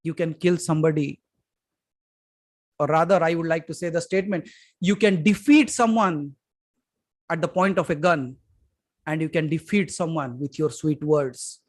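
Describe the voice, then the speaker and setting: A man with an Indian English accent giving a spiritual satsang talk, emphatic, moving from loud to hushed and putting questions straight to his listeners. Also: fairly high pitch, normal speed, long pauses. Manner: addresses listeners directly with questions. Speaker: spiritual teacher. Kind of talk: satsang talk to a live audience.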